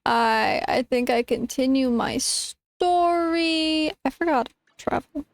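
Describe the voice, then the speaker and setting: A woman VTuber streaming a game in casual chat, dramatic, swearing a lot and bursting into shouts, her throat strained from yelling. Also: sits high, takes it slowly, no echo, low-quality recording.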